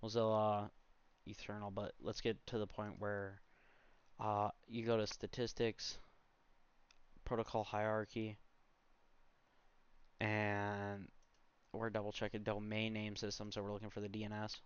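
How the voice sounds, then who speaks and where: A man's voice: lowish voice, monotone, unhurried, long pauses, clean tone. A man in his twenties giving a casual, rambling screen-recorded walkthrough, full of fillers and side comments. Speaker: tutorial host. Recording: slightly dull, dry home recording.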